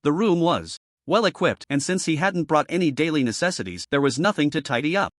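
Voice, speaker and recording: A man's voice: on the high side, animated, brisk, dry recording, studio quality. A man reading a recap story aloud as a narrator in scripted narration.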